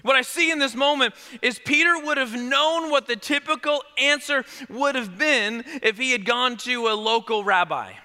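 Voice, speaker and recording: Male pastor, sermon delivery, very bright and forceful tone, long hall reverb. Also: very high voice, moderate pace, hardly any pauses. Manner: animated, conversational preaching, drops to quiet emphasis.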